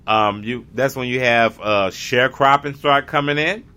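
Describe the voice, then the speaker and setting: A man's voice: mid-range voice, moderate pace, bright, forceful tone, smooth. A man in a casual, rambling monologue, often restarting and groping for the right word. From United States. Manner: rambling, gropes for words with many restarts. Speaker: vlogger.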